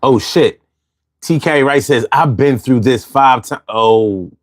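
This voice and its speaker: A man's voice: mid-range voice, slow pace, dry recording. A man reading viewer comments aloud and reacting in slangy, profane, conversational talk. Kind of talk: casual commentary.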